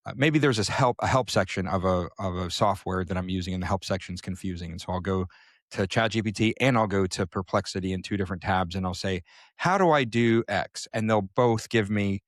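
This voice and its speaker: A man co-hosting a casual podcast, explaining at length and thinking aloud with frequent pauses. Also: low voice, steady tone, no room sound, studio quality. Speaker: podcast co-host.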